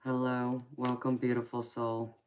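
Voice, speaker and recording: A woman's voice: extremely low pitch, monotone, a little slow, darkish tone, a little hiss or hum. A woman with a Southern American accent chatting casually with viewers on a live stream, affectionately calling them honey and sweetheart and laughing often. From California, raised in Georgia. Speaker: tarot reader and live stream host.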